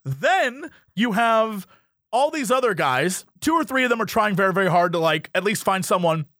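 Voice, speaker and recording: High-pitched animated man chatting. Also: moderate pace, no echo, studio quality. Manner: animated, acts out quotes in voices. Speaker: podcast co-host. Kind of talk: casual chat.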